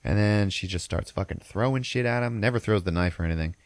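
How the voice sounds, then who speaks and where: A man's voice: on the low side, fast, no echo, clean studio sound. A man hosting a podcast, retelling a film plot in a loose, profane, rambling way. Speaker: podcast host. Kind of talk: casual film recap.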